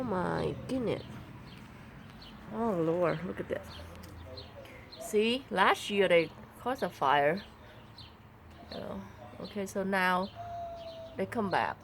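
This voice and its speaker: A woman talks slowly and unhurriedly in a slightly high voice, filming herself in her yard on a phone. She chats casually in simple, broken English. She keeps apologizing as she goes. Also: a little hiss or hum. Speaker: vlogger and mother. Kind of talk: casual vlog chat.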